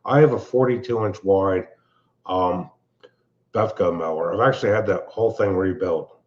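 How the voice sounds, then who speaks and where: A man chatting as a guest on a live stream panel, relaxed and a little hesitant. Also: sits low, normal speed, highs cut off. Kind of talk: casual live stream chat.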